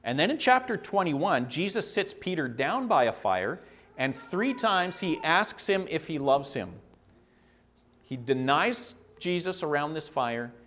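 Male preacher, slightly higher voice, earnest conversational sermon delivery with repetition for emphasis. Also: big pitch swings, measured pace, fairly bright tone. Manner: earnest, repeats phrases for emphasis, acts out quoted lines.

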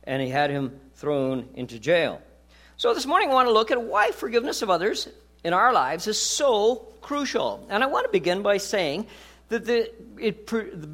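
A man's voice: sits high, a bit bright. A man preaching a sermon as pastor, talking conversationally with rhetorical questions and jokes.

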